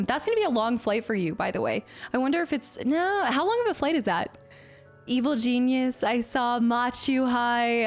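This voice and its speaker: A young woman streamer chatting casually with her viewers, bubbly and quick to laugh. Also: fairly high pitch. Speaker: variety streamer. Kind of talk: casual live-stream chat.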